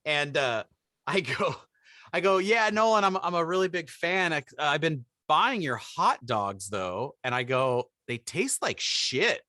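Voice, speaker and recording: A man's voice: fairly high pitch, measured pace, no room sound, clean studio sound. A man co-hosting a podcast, telling an anecdote in casual chat and acting out the people he quotes. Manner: animated storyteller, acts out quotes. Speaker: podcast co-host.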